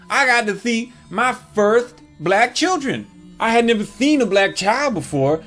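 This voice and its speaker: Guy doing a crude comedy storytime, high voice bouncing all over, faint music under it. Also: a bit bright. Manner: crude, mocking, punchline-driven delivery.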